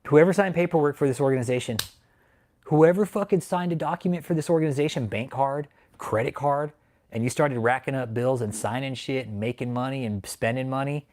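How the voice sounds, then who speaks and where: A man hosting a livestream who rants angrily with heavy swearing, swinging between loud outbursts and low grumbling while he reads out chat names. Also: a little fast. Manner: angry, profane ranting. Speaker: channel host. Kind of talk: livestream commentary, reading chat.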